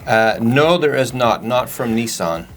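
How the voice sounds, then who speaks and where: A man's voice: mid-range voice, lively intonation, a little slow, very noisy. A man co-hosting a parts store Q&A, answering in a plain, matter-of-fact way and spelling out part numbers. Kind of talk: casual Q&A chat.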